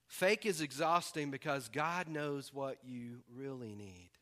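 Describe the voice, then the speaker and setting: A man from the preaching a sermon, animated and acting out voices with humor. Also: medium pitch, unhurried. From American South. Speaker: pastor.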